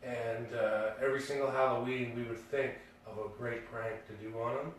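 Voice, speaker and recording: A man's voice: mid-range voice, steady tone, moderate pace. A man tells a story in a loose, rambling way, with many fillers and restarts. His voice sits in the middle of the male range. It is picked up from a distance in a room with strong echo and a faint hum. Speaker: podcast co-host. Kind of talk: casual storytelling. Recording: echoey room, distant mic.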